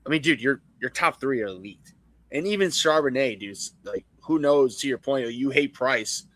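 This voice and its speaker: A man's voice: mid-range voice, animated, moderate pace, a bit bright, dry recording. A man co-hosting a casual live stream, crude and teasing, laughing often. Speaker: co-host.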